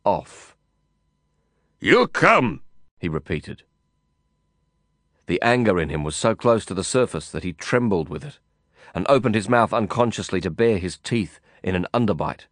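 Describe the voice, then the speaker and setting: Low-voiced man narrating a brooding novel. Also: lively intonation, fairly quick, no echo, clean studio sound. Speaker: audiobook narrator. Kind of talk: first-person novel narration.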